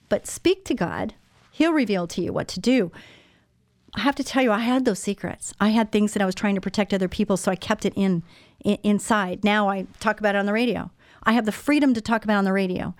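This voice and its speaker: A woman in her sixties hosts a Christian radio talk show, speaking in an earnest, personal way straight to her listeners. Her voice sits at an ordinary pitch and comes through close and dry on a studio microphone. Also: a little mellow, dry recording.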